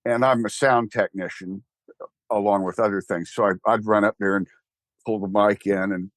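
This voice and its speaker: An older man with a Texan accent, an interview guest talking casually in a rambling, animated and wry way. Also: on the low side, moderate pace, dry recording. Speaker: interview guest, church founder.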